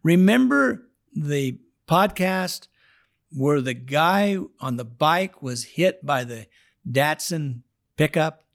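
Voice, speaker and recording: A man with a fairly high voice tells his testimony on a podcast. His delivery is dramatic, dropping to a hushed, prayerful murmur and then rising into loud outbursts. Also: expressive, slow pace, vocal fry. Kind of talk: storytelling testimony.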